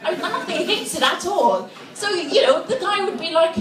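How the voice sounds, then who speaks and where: A woman's voice: very high voice, lively intonation, normal speed, hardly any pauses, a bit bright, reverberant, distant mic. A woman from Malta performing a chatty stand-up comedy set, laughing through her lines. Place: comedy venue on stage. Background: audience.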